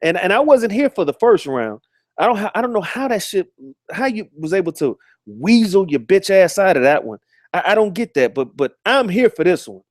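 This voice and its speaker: A man's voice: high voice, very animated, moderate pace, no echo, studio quality. A man hosting a live stream, ranting in a profane, combative, mocking way and often restarting and repeating words.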